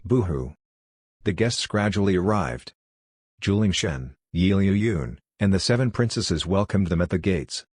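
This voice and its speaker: Deep, husky male audiobook narrator. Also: lively intonation, normal speed, darkish tone, dry recording, studio quality. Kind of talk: scripted narration.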